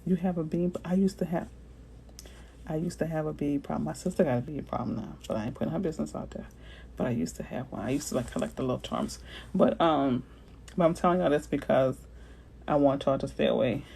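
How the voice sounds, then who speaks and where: Animated woman realtor chatting with viewers. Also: deep voice, brisk, gravelly, slight background noise, poor audio. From Florida. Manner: animated, slangy, reads out viewer comments. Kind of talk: casual livestream chat with viewers.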